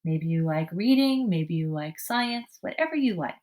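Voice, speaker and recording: Teaching young children to write, this woman speaks slowly and clearly, sounding out every word and encouraging them. Her voice is lowish, animated and darkish in tone.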